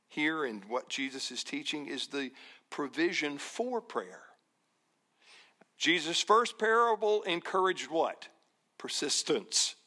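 A man preaching a sermon, slow and emphatic, repeating phrases and dropping to near-whispers for tender lines. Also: medium pitch, bright, forceful tone. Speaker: pastor.

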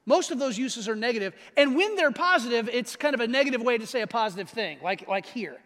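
Very high-voiced man preaching in a hall. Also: lively intonation, fairly bright tone. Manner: emphatic, slows down to stress key phrases; conversational, asks the audience questions. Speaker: pastor. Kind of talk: sermon. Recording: long reverb of a large hall.

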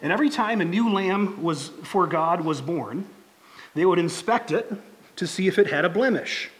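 A man preaching a sermon as a pastor, talking in a conversational, halting way with frequent restarts and fillers. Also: sits high, expressive.

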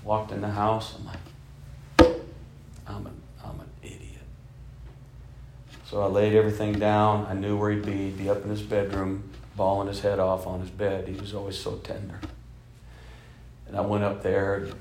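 A low-voiced man in his fifties preaches to his congregation, moving from forceful emphasis to near-whispered storytelling. His sermon rings through an echoey church hall. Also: monotone, moderate pace, slight background noise. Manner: storytelling preacher, swinging from loud emphasis to soft, hushed delivery. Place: church sanctuary.

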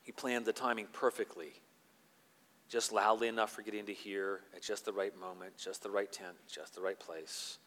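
Preacher with a bright, hall-echoing voice. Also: male voice, fairly low pitch, level tone. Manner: swings from quiet, slow reflection to loud, emphatic scripture reading. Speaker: pastor. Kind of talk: sermon.

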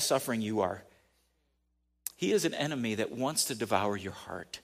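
A man's voice: on the low side, animated, moderate pace, vocal fry, long pauses. A man preaching a sermon in a conversational way, building to emphatic peaks. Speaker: pastor.

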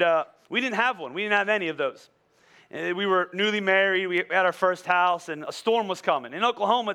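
Male pastor, high bright voice, lively storytelling sermon. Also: clean tone. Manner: animated storytelling with many restarts.

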